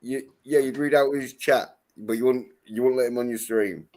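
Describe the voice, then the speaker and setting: A man's voice: medium pitch, fairly even intonation, normal speed, a little mellow. A man in a mid-range voice hosting a casual livestream panel. He needles his guest and swears freely. He says the same jab over and over. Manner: teasing, crude, repeats himself. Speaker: livestream host.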